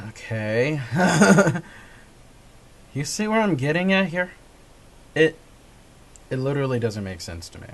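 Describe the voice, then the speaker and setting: A male gaming vlogger rambles through a casual monologue, often stopping to correct himself and chuckle. His pitch swings widely, up and down, as he talks. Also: very animated, slow pace, long pauses, a little hiss or hum.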